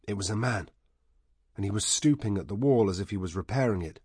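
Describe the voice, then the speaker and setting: A man voicing a grieving man haunted by dreams, quiet and weary in a husky hushed voice. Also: lowish voice, animated, brisk, no room sound, clean studio sound. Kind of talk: audiobook character voice.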